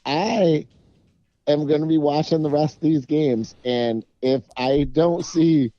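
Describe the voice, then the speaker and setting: A man's voice: fairly high pitch, slow pace, dark tone, dry recording. A man co-hosting a sports podcast, talking in a laid-back way in casual chat. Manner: laid-back, laughs often. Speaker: podcast co-host. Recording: dull lo-fi mic.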